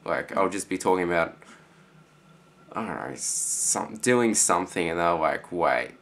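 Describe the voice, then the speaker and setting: A teenage boy with an Australian accent, rambling casually in a vlog reply with lots of fillers and quiet trailing-off phrases. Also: low voice, expressive, a little slow. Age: teens. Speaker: student vlogger.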